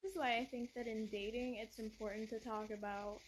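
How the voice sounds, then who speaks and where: A young woman with a slightly high voice ranting bluntly in a casual monologue, swearing freely and sounding fed up. A faint hiss of background noise sits under her voice. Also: level tone, moderate pace, low-quality recording. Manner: blunt, profane, exasperated. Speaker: podcast host.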